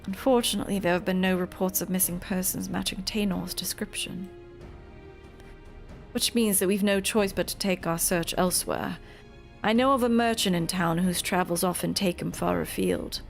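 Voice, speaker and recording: A woman's voice: on the low side, steady tone, moderate pace, creaky, faint music behind. A woman voicing an adult male adventurer companion with a faint pirate lilt in a fan game voiceover. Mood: grave.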